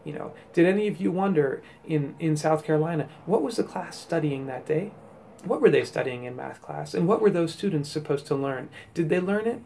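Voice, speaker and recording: A man's voice: on the high side, animated, brisk, creaky, warm tone, a little hiss or hum. A man and teacher giving an explanatory talk, reasoning step by step through classroom examples. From United States.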